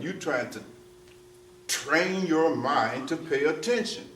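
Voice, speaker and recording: A man's voice: medium pitch, slight background noise. A man giving a spiritual discourse to a gathered audience, emphatic and repetitive, often asking "you see?" and slipping into street slang. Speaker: spiritual teacher. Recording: roomy distant mic with faint ambience.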